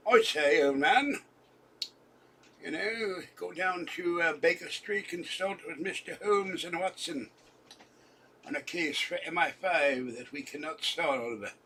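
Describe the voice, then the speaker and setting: A man voicing a posh old British gentleman with a mock upper-class British accent, talking in a pompous, drawn-out way. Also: fairly high pitch, distant mic, slight background noise, pitched above the performer's own voice, full character voice, poor audio.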